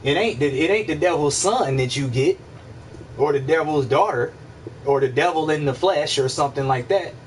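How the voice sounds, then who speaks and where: A man hosting a casual livestream, musing out loud in a rambling, profane way, repeating himself and answering his chat. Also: a little high, normal speed, recorded from a distance, slight background noise, rough recording. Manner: rambling, profane, repeats himself, asks listeners if they follow. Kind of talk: casual philosophical monologue.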